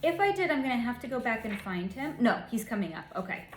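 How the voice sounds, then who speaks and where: A woman's voice: a little high, big pitch swings, fast, echoey room, slight background noise. A woman hosting her own psychic channel, relaying energy readings in a casual vlog with snarky, chatty asides.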